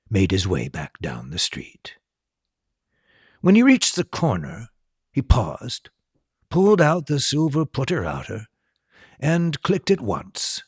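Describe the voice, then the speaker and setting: Slow, gravelly male storyteller. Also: sits low, no echo, studio quality. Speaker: storyteller and tour host. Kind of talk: storybook reading.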